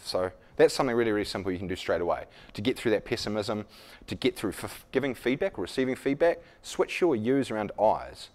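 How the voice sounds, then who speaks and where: A man leading a live leadership workshop, talking conversationally to the room and acting out example dialogues. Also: mid-range voice. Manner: conversational, self-deprecating, acts out dialogues. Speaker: leadership speaker.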